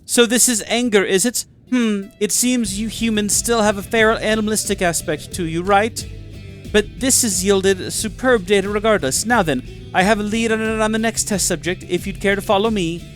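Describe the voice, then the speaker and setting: A man's voice: sits high, normal speed, a bit bright, soft background music. A man voicing a fussy male alien researcher who speaks stiffly and formally, ending his remarks with little tag questions. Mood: prim, inquisitive.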